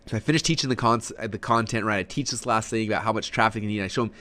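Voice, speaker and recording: A man coaching on online sales in a webinar lesson, energetic and salesy, with frequent restarts. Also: lowish voice, fast talker. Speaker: marketing coach. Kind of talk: webinar teaching.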